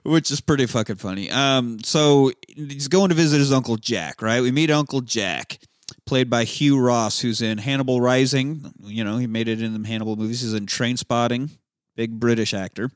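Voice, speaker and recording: A man's voice: mid-range voice, normal speed, dry recording, studio quality. A man chatting casually about a film, retelling scenes in a rambling, laid-back way, swearing freely and acting out lines. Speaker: podcast co-host. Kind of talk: casual movie recap chat.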